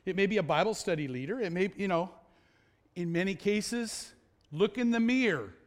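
High-voiced man preaching conversationally. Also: expressive. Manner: conversational preaching with rhetorical questions; slows down to stress key words. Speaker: pastor. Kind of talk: sermon.

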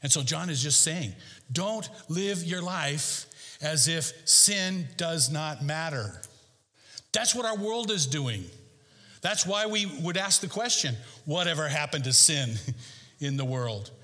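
A male pastor delivering a sermon in a church, preaching emphatically with sharp rises and drops in pitch. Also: expressive, slow. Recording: long hall reverb.

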